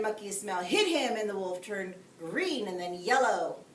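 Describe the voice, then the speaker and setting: A woman teacher reading a bedtime story aloud, expressive, with friendly asides to young listeners. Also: medium pitch, measured pace. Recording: echoey room, distant mic, faint hiss.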